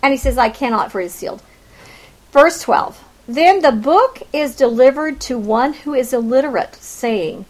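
A woman teaching through a Bible passage, animated and emphatic, with rhetorical questions, conversational asides and sudden rises and drops in loudness. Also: high voice, moderate pace, poor audio.

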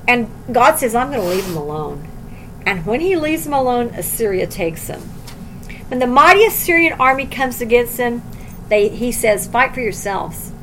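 A woman teaching a Bible study, reading scripture aloud and explaining it plainly, swinging from loud emphasis to quiet low asides. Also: a little hiss or hum, rough recording.

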